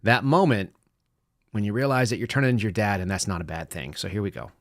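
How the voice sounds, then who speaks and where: A man's voice: lowish voice, quick pace, slight background noise. A man hosting a live commentary show in a loose, chatty way, often laughing and restarting his sentences. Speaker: podcast host. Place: home studio set.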